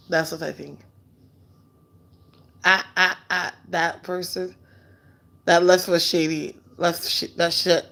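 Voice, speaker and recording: A woman hosting a casual live stream, chatting loosely and candidly while answering viewer comments in a relaxed way. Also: on the low side, gravelly. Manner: relaxed and unhurried. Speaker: livestream host.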